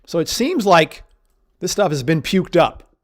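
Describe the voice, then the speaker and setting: A man's voice: fairly high pitch, very animated, measured pace. Emphatic man explaining stock charts. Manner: emphatic, piles up vivid synonyms. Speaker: market educator. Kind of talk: chart walkthrough lesson.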